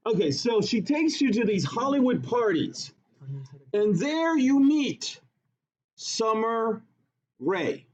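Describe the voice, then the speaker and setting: A male teacher giving a classroom lesson, teasing his students in a joking, animated way. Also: very high-pitched, takes it slowly. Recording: dull lo-fi classroom recording.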